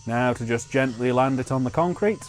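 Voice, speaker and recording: A young man co-hosting a casual film commentary, playful and jokey, quick to laugh. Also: mid-range voice.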